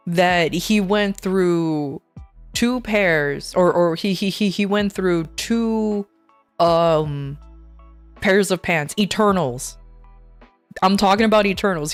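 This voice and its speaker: A woman's voice: medium pitch, dry recording. A woman VTuber streamer chatting casually while gaming, rambling and ranting in an exasperated way.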